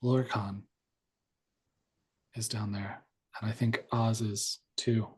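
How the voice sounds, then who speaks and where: Woman player, husky, slow and thoughtful, faint music behind. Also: extremely low pitch, little pitch movement. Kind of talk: in-character tabletop role-play.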